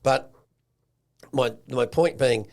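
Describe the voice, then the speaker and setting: A man with an Australian accent hosting a casual podcast chat in an animated way, slipping into slangy bits of speech. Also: medium pitch, slow, vocal fry. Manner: animated, acts out quotes with a slangy tone. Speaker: podcast host.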